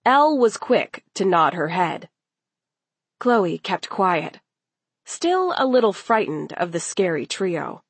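A woman reading a story aloud as narrator, in a steady, unhurried way. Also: on the low side, slightly rough, no echo.

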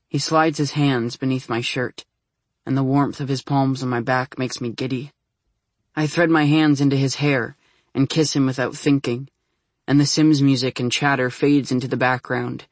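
A man's voice: medium pitch, no echo. A man reading a first-person story aloud, intimate and anxious, often tipping into flustered rambling. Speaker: audiobook narrator. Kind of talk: scripted first-person narration.

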